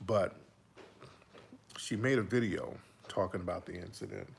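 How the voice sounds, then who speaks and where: A man hosting a casual commentary monologue, talking animated and preachy into a phone held close to his face. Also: sits low, moderate pace, creaky, a little hiss or hum. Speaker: host.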